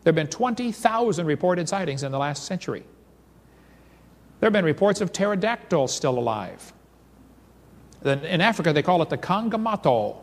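Man, seminar speaker, fairly high voice, lively storyteller, long hall reverb. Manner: animated storyteller reading accounts aloud.

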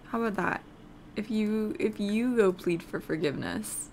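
A woman's voice: medium pitch, moderate pace, gravelly, darkish tone, a little hiss or hum. A woman hosting a casual let's play, chatting while she plays and talking to the characters in the game. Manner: chatty, easily distracted, talks to the game characters. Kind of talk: casual gameplay commentary.

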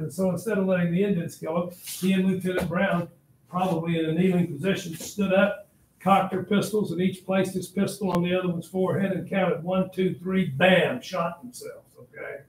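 A man's voice: high voice, moderate pace, darkish tone. A male history teacher telling a story to his class in a dramatic, blunt manner and speaking straight to the students, recorded in an echoey classroom. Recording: echoey classroom, faint noise.

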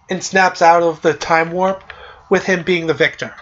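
This podcast host recaps a game's story at a brisk clip, in a steady, mid-range voice. It's casual and rambling, thick with "like" and "uh," over dull audio.

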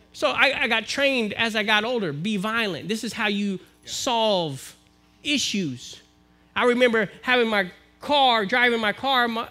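A man with an American accent preaching a sermon to his congregation, building to forceful exhortation. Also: extremely high pitch. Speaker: minister. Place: church, live-streamed service.

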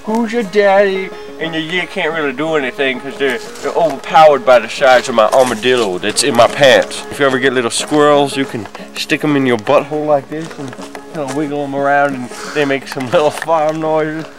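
A man playing a rambling, unhinged backwoods man who stammers, trails off and bursts out loud. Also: medium pitch, fairly quick, music in the background, close to an everyday voice, low-quality recording. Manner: rambling, stammering, sudden outbursts. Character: rambling unhinged backwoods man, proud of his forest home. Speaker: comedian. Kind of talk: improvised comedy sketch.

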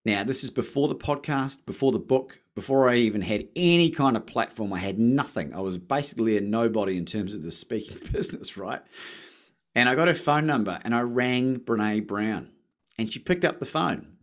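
An Australian man tells his story as a guest on a podcast, in easy, casual talk. He gets animated and acts out his phone calls as he goes. His voice sits in a middle register. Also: medium pitch, normal speed.

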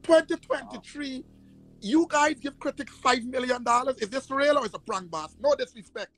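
A Guyanese man on a live stream, excitable and pleading, repeating his question and thanks. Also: extremely high pitch, moderate pace. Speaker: livestreamer asking a question. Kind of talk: live-stream phone call.

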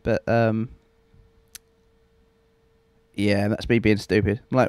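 A man's voice: lowish voice, level tone, takes it slowly, long pauses, darkish tone, smooth, no echo, studio quality. A young man giving rambling, self-mocking gameplay commentary and swearing freely. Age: young adult. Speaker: let's play host.

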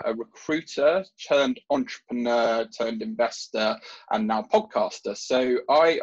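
Midlands guy on a podcast, a bit husky, friendly, stumbles over his starts, dull lo-fi sound. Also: medium pitch. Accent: English Midlands. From English Midlands. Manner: friendly, repeats words when starting sentences. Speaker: podcast guest, recruiter and entrepreneur. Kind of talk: casual podcast interview. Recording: slightly dull, lo-fi remote audio.

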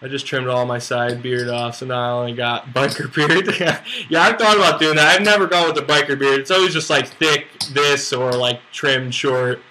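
A man's voice: mid-range voice, fairly even intonation, normal speed, few pauses, bright, forceful tone, a little hiss or hum, poor audio. A young man casually chatting on a poker live stream, greeting viewers by name and joking around.

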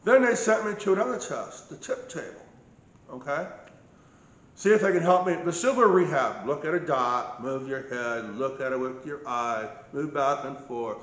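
A man with a medium-pitched, slightly bright voice, recorded in an echoey room, recounts his own experience of medical mistreatment. He tells it as a casual personal account but emphatically, often checking in with "okay?"

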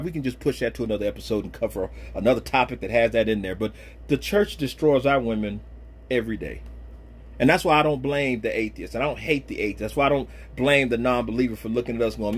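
A man who is a pastor and podcast host, giving a preachy commentary with slang asides, swinging between loud exhortation and low murmurs. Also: breathy edge.

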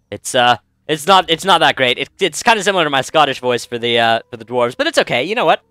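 A man's voice: mid-range voice, big pitch swings, fairly quick, sharp tone, clean tone, no room sound, clean studio sound. A man hosting a let's-play, chatting casually and rambling through commentary with many fillers and restarts. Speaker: game let's-play host.

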